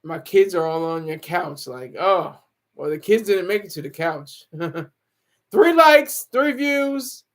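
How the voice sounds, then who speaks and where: A man with a high voice hosts a loose, joking livestream from home. He laughs often and answers viewer comments as they come in. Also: measured pace, vocal fry. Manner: joking, laughs often, reads chat aloud. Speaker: livestream host.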